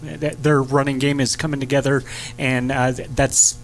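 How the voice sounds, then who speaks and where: A man who produces a sports radio show, chiming in with short, relaxed remarks from the studio. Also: mid-range voice, normal speed, soft background music. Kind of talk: casual sports radio chat.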